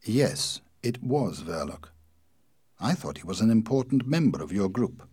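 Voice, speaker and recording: A man reading the part of a cold, calm male bomb maker, quiet and matter-of-fact, in a husky, lively voice. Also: fairly low pitch, measured pace, no echo, heavily acted.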